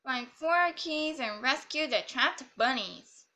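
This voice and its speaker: A woman's voice: sits high, lively intonation, slow pace, bright, forceful tone. A woman rambling and joking through casual gameplay commentary. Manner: rambling, silly and jokey. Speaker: gamer.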